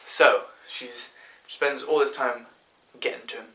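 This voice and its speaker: Slow-talking British man reviewing a film. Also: mid-range voice, fairly even intonation, sharp tone. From Britain. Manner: rambling, chatty, with many fillers and restarts. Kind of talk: casual spoken movie review. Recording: echoey room.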